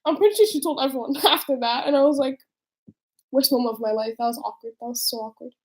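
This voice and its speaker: Young woman, casual chat, giggly, chatty, high-pitched. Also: fast. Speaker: co-host, younger sister.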